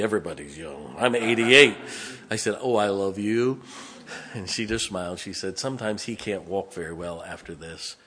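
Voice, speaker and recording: An older man preaching a sermon. He tells a story in a hushed, folksy way, then builds to fervent, rising preaching. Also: fairly low pitch.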